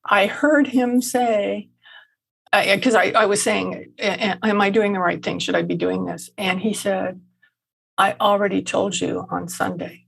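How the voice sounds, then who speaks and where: A woman guest on a podcast, telling stories gently with frequent restarts and light laughs. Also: mid-range voice, fairly even intonation, unhurried, vocal fry, rough recording. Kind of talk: conversational interview.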